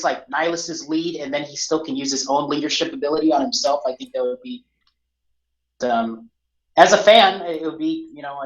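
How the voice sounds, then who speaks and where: A man's voice: fairly high pitch, roomy sound, muffled recording. A man on a gaming panel, speaking hesitantly and using many fillers.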